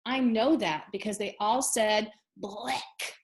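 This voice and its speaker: A woman teacher leading an expressive, child-directed read-aloud lesson, pausing often to ask questions. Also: medium pitch.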